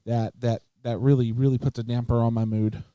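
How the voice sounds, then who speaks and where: Young male co-host, rapid chatty delivery, warm low-key tone, dry recording. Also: little pitch movement, no echo. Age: young adult. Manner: quick, chatty, self-deprecating interjections. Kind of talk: casual chat.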